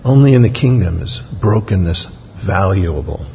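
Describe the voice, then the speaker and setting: Earnest preacher in a reverberant hall. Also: male voice, deep voice, expressive, a little hiss or hum. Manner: earnest, repetitive preaching cadence with slow emphatic phrases. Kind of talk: sermon. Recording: dull, muffled audio with long reverb.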